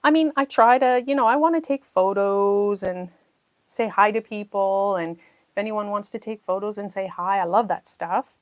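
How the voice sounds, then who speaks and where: A middle-aged woman from New Brunswick, Canada, hosts a puzzle livestream, chatting casually, telling a story, and reading viewer messages aloud. Her mid-range voice moves at a normal pace, with no room sound in the recording.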